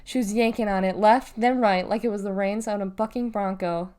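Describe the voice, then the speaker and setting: A woman reading a children's novel aloud in a measured, expressive way. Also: medium pitch, clean tone. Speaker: storybook reader.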